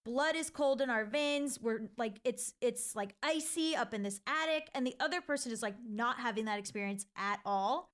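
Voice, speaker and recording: A woman's voice: fairly high pitch, normal speed, hardly any pauses, fairly bright tone. A woman telling a personal ghost story in a chatty, casual way, full of filler likes and restarts.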